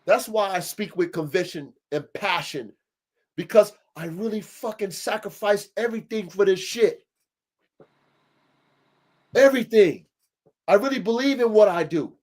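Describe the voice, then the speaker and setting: A man's voice: sits high, a little slow, pauses often, a little mellow. A man hosting a livestream podcast, talking with preachy, emphatic conviction and lots of swearing. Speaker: podcast host and dog breeder. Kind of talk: impassioned livestream podcast talk.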